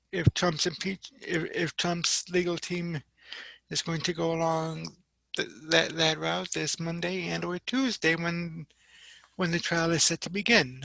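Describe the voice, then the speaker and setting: A man hosting a weekly review, reading news articles aloud between his own comments, with frequent halting restarts and repeated words. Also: a little high, fairly even intonation, creaky, bright, forceful tone, no echo, rough recording. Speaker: podcast host.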